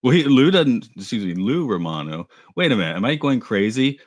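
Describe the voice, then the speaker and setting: A man's voice: medium pitch, very animated, quick pace, dry recording. A man co-hosting a podcast in casual chat, rambling, correcting himself and laughing easily. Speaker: podcast co-host.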